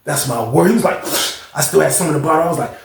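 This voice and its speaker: A man telling a casual storytime tale, animated and profane, often repeating his own catchphrases. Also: fairly high pitch, racing, vocal fry, roomy sound, background noise. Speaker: storyteller, channel host.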